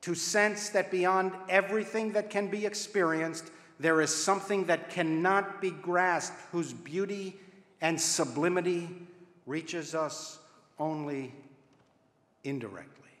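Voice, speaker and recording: A rabbi delivers a contemplative sermon, weighing each phrase and letting it hang before the next. His voice sits fairly high for a man and moves at a slow, deliberate pace, with the occasional wry aside. The sound rings out in a roomy space with a long, trailing reverb. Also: fairly bright tone. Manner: measured, deliberate, with long pauses between phrases. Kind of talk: reflective sermon. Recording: echoey room with long reverb.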